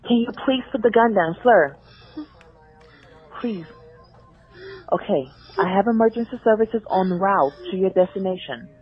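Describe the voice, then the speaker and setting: A woman emergency dispatcher keeps a calm, pleading tone, repeating polite requests. Her voice is mid-pitched and comes through a dull, lo-fi call recording. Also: a little slow, long pauses, husky. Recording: muffled archival emergency call audio.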